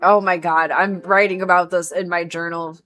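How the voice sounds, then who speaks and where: A woman's voice: on the low side, little pitch movement, normal speed, a bit bright, soft background music, low-quality recording. A woman livestreaming a video game, chatting casually with dramatic, mock-emotional complaints and a lot of swearing. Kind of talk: casual gaming commentary.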